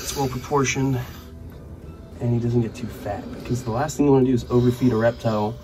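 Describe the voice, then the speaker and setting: A man hosting a casual vlog, cheerfully narrating as he feeds and cleans snakes, talking to the animals and dropping to a hush when close to them. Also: medium pitch. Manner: upbeat, talks to the animals, drops to a hush near them. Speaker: reptile keeper and show host.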